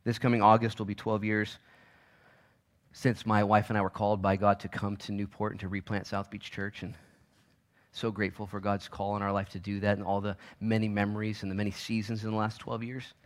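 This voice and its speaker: A pastor in his forties from Oregon, United States, preaches a sermon in a church. His fairly low voice has a flat delivery, yet he swings between loud urgency and hushed asides, restarting quickly.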